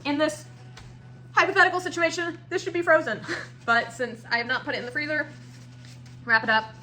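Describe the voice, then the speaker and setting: A woman's voice: high voice, fairly even intonation, a little fast, bright, forceful tone. A young woman keeping tarantulas, giving a casual, chatty how-to tutorial with emphatic points and cooing asides. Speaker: tarantula keeper demonstrating shipping.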